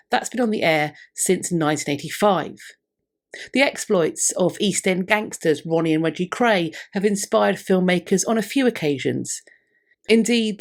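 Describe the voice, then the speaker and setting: A woman with a fairly low voice presents a history video. Her delivery is scripted and measured, and she reads quotations from scholars in the same composed tone. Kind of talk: scripted narration.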